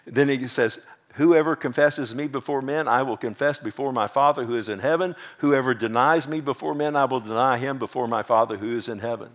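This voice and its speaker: A male pastor preaching in a mid-pitched voice, neither high nor low. He leans hard on repeated points and reads scripture aloud at a slow, measured pace. Now and then he asks the congregation "amen?". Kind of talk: sermon.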